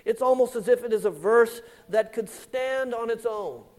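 A man preaching a sermon, slow and deliberate, stressing key words and letting phrase ends fall quiet. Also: high voice. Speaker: pastor.

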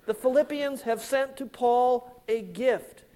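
Slow, high-voiced male preacher. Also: dark tone. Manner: slow, deliberate, emphatic preaching with drops in volume at phrase ends. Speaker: pastor. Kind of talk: sermon.

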